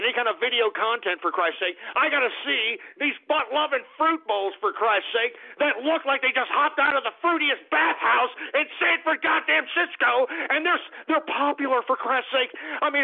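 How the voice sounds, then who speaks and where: Male radio host, high gravelly voice, exasperated profane rant on a tinny phone-like line. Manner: exasperated, profane, stammering outbursts. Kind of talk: angry ranting monologue.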